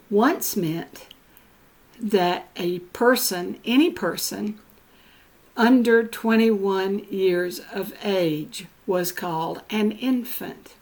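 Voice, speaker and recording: Slow, deliberate older woman reading notes. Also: mid-range voice. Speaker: genealogy presenter.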